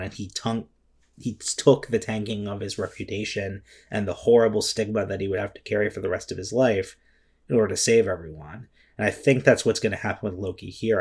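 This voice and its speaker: Guy with a lowish voice rambling on his vlog, lots of ums, restarts, swearing, all heart. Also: slightly rough. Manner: rambling and emotional, many fillers and restarts, swears. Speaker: vlogger reviewing a comic chapter. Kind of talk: casual spoken commentary.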